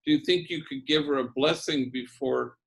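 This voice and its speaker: A man voicing a grown father who was once in a gang, earnest and halting, slipping in Spanish words. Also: medium pitch, vocal fry, lightly acted. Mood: fond, worried. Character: grown father, former gang member, tender and emotional.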